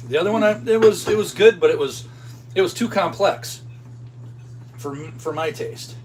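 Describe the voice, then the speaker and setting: A man's voice: sits high, expressive, normal speed. A man co-hosting a casual cooking stream, explaining the recipe in an easygoing way. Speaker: home cook, co-host. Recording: slightly distant mic with faint hum.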